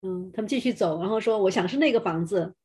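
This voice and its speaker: A woman's voice: mid-range voice, dark tone, husky. A woman interprets a sermon live, one phrase at a time. She sometimes hesitates and restarts with fillers while she follows the preacher. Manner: hesitant, fills pauses with 'uh'.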